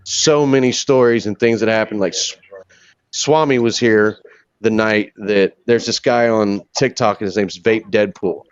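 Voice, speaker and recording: A man hosting a casual talk show from a bar, telling stories in a loose, swearing, animated way. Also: lowish voice, a little slow, smooth, no room sound, muffled recording. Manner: profane, animated storyteller. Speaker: podcast host. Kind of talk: casual storytelling chat.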